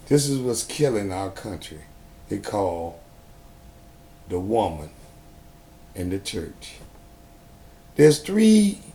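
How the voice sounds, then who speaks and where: A man talking to the camera in a homemade video, preachy and sarcastic, often rising to loud outbursts. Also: medium pitch, gravelly. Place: indoors at home.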